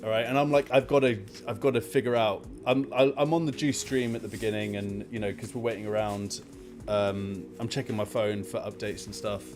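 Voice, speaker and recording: A man hosting a casual live stream, telling an exasperated, animated story and rambling with many fillers. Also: on the low side, fairly quick, over music.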